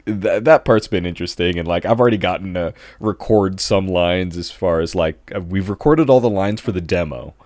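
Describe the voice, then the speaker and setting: A man's voice: sits low, normal speed, hardly any pauses, darkish tone, dry recording, clean studio sound. A man co-hosting a podcast in casual chat, rambling along with lots of fillers like "like" and "you know". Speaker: podcast co-host and voice actor.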